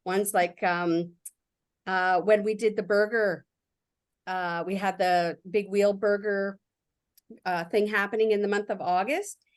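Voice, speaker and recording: Woman showing off her examples in a workshop, upbeat and chatty, mid pitch. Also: fairly even intonation, a little slow. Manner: chatty and enthusiastic, reads prompts aloud. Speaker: workshop presenter. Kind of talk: casual workshop walkthrough.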